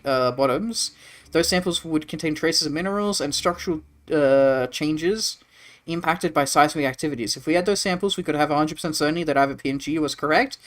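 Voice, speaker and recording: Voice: medium pitch, a bit bright. An Australian streamer chatting casually during a live strategy game, answering chat in a rambling way with plenty of swearing.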